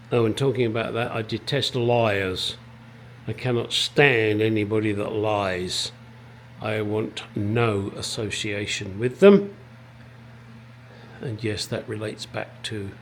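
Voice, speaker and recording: A middle-aged man from England, voice on the low side with a little hiss or hum, films a casual workshop vlog. Restoring a classic car in his home garage, he speaks bluntly to the camera and swears freely.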